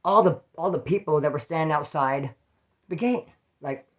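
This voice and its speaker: A man's voice: a little high, moderate pace. A man telling stories in a casual, blunt and profane way, acting out other people's lines. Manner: profane, blunt, acts out quotes. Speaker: former prisoner telling stories. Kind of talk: casual storytelling to camera.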